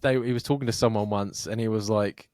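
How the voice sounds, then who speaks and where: A man's voice: lowish voice, fairly even intonation, fast, darkish tone, dry recording, clean studio sound. A man co-hosting a podcast, chatting casually in a mumbling, sweary way. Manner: mumbling, sweary, laughs along. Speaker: podcast co-host. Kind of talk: casual chat.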